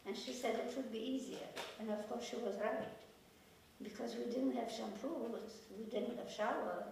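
An older woman from Poland giving a personal survivor's testimony, speaking quietly and gravely, pausing and repeating her phrases. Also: a little high, steady tone, slight background noise. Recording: very echoey room, voice from far off.

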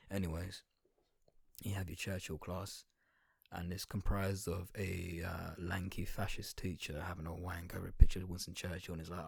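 Low, husky young guy ranting sarcastically. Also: little pitch movement, moderate pace, a little mellow, no room sound, studio quality. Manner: sarcastic, crude, rambling, slangy. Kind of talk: satirical comedic rant.

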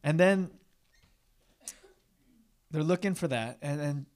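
A man's voice: on the high side, slow pace, darkish tone. A young man preaching a casual, conversational sermon, candid and self-deprecating, often tagging "right?" onto his points. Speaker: pastor.

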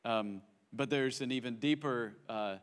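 A man preaching as a pastor, animated and acting out the people in the story, sometimes dropping to a soft, reflective tone. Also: mid-range voice, a little slow. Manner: drops to soft, quiet tones when reflective. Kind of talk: sermon.

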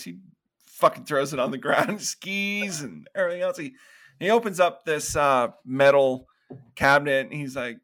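A man's voice: on the high side, moderate pace, a bit bright. A man co-hosting a podcast, casually retelling scenes from a horror movie with put-on quotes and laughter. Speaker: podcast co-host. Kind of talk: casual movie review chat.

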